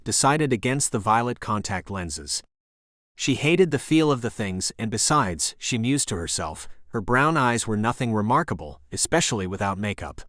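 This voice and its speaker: A man narrating a romance audiobook in an expressive, animated reading voice, close to a studio mic. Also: mid-range voice, no room sound. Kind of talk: scripted narration.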